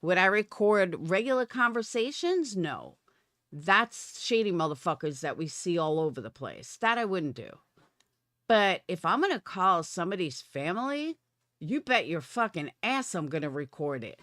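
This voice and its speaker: A woman's voice: lowish voice, big pitch swings, moderate pace, fairly bright tone, no room sound, studio quality. Combative, swearing woman streamer. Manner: profane, combative. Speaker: live streamer. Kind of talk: livestream rant.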